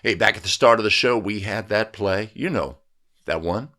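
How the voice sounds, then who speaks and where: A man with a lowish, bright, forceful voice talks at normal speed through game footage in an instructional video for basketball officials. He coaches emphatically, often checking in with "right?"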